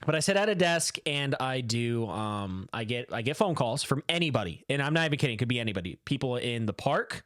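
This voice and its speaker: A man's voice: mid-range voice, fairly quick, few pauses, dry recording, studio quality. A man co-hosting a casual podcast, telling work stories and acting out callers in shifting voices. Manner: animated storyteller, acts out callers in shifting voices. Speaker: podcast co-host. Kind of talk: casual chat.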